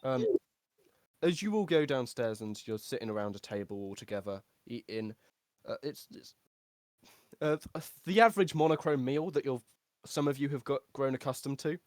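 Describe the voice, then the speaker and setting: A man's voice: medium pitch, animated, normal speed, darkish tone, no room sound, clean studio sound. A man narrating a tabletop game as game master, joking and laughing often.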